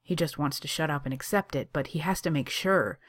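A woman reading fan fiction aloud, expressive and casual, with swearing in the narration. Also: deep voice, a little fast. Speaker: reader.

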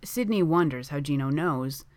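A woman reading a story aloud in a calm, even storytelling manner. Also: sits low, moderate pace, dry recording. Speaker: reader.

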